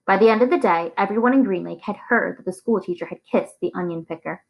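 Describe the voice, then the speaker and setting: Woman reading a novel aloud, gravelly. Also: mid-range voice, fast, dull audio. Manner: steady storytelling. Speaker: reader.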